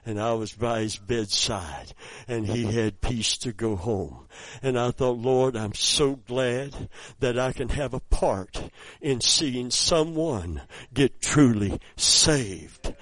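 A man preaching a sermon, telling a story softly and then rising into loud, high exclamations. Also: no echo, rough recording.

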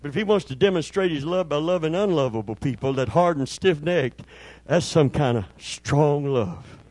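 A man preaching a sermon, asking for amens and swinging from loud shouting to quiet, low storytelling. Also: expressive, normal speed. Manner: preaching with call-and-response, rising to shouts then dropping low. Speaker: pastor.

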